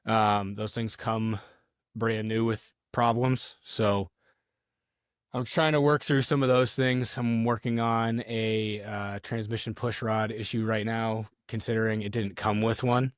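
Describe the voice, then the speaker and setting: A man's voice: on the low side, fairly even intonation, measured pace, dry recording, studio quality. A man co-hosting a podcast in casual chat, laid-back and explaining things step by step. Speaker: podcast co-host.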